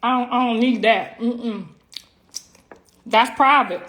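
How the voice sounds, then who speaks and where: On the high side and fairly bright, this woman's voice moves slowly as she hosts a casual livestream on her phone from home. Middle-aged, she's brash, profane and teasing, talking right to viewers and drawing out words to stress them.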